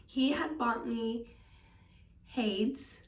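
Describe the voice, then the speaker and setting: A young woman chats to camera, gushing and filling her story with "like" and "um". Her voice sits a little high, and she sounds a bit away from the mic in an echoey room. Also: extremely slow, far from the mic. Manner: chatty and gushing, many "like" and "um" fillers. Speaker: reptile vlogger.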